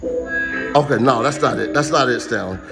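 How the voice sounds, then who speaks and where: A man's voice: medium pitch, normal speed, creaky, over music. A man doing a casual live-stream comedy rant, rambling and jumping between jokes and asides.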